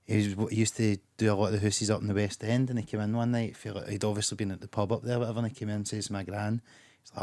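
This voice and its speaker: Fast, low-voiced Glaswegian man. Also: level tone, a little mellow. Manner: sweary, quick, chatty. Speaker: podcast host. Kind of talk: casual podcast chat.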